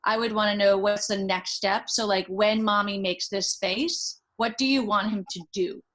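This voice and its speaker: A woman's voice: mid-range voice, steady tone, normal speed, fairly bright tone, rough recording. A woman psychologist talks a parent through a problem in a careful, coaching manner. Her voice sits in an ordinary middle register as she chooses her words with care. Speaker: child psychologist advising a parent. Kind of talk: supportive advice.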